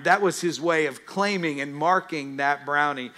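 A man's voice: fairly high pitch, moderate pace, sharp tone. A male pastor preaching a sermon, telling stories and acting out the voices in his retellings. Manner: storytelling, dramatizes quotes.

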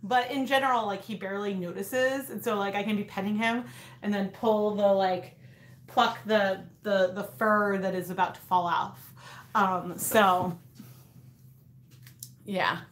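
A woman's voice: mid-range voice, fairly even intonation, measured pace. A woman in her thirties hosting a casual craft livestream, rambling with lots of fillers and restarts. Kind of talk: casual live chat. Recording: echoey room.

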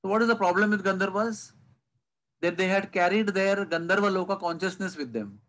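A man's voice: high-pitched, brisk, low-quality recording. A man giving a devotional lecture over a video call, telling stories and asking rhetorical questions. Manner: storytelling, rhetorical questions, lively emphasis. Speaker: spiritual teacher.

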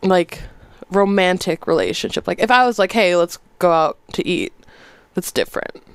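A woman's voice: lowish voice, animated, normal speed, clear, resonant tone, dry recording. Young woman chatting, full of "like". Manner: easygoing, many fillers ("like"). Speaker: podcast guest. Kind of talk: casual chat.

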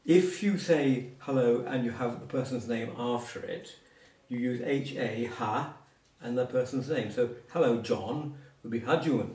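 Here a man is giving a casual private Cornish lesson, explaining words patiently and throwing in examples and side comments. His voice sits in the middle range with a darkish quality, and the distant, roomy recording carries slight background noise.

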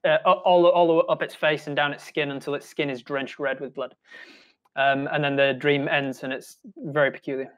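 A man with a New Zealand accent narrating as game master, talking in a halting way with many restarts. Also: fairly high pitch, flat delivery, a bit bright. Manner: halting, full of ums and restarts.

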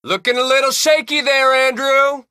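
A man's voice: very high voice, flat delivery, moderate pace, bright, forceful tone, smooth, dry recording. A man voicing a young street racer who answers a rival with dry, sarcastic jabs in a video game. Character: wisecracking young male racer, unimpressed.

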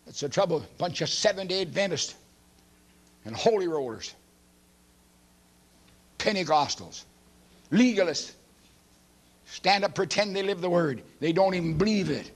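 High-voiced older man preaching emphatically. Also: expressive, a little slow, pauses often. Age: 70s. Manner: emphatic, forceful preaching with frequent throat clearing. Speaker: pastor. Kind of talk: sermon.

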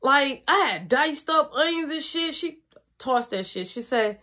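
A woman telling a personal story in casual, fast, profane slang. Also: high-pitched, animated. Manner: fast, profane, slangy, drops to a hush when retelling night scenes.

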